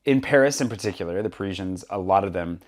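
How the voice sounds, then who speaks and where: A man's voice: low-pitched, fast. A man hosting a podcast, chatting casually and acting out the exchanges in the stories he tells. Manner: animated storyteller, acts out quoted exchanges. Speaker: podcast host. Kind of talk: casual conversation.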